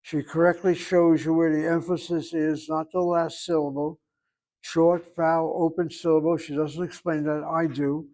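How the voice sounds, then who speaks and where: Higher-voiced man teaching Hebrew grammar. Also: level tone, a little mellow. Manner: slow, explaining, drawn-out pronunciations. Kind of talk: classroom grammar lesson.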